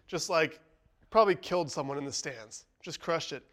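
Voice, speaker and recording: A man hosting a podcast, telling a relaxed story in casual chat, laughing often and filling with "like". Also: a little high, normal speed. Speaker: podcast host, baseball pitcher.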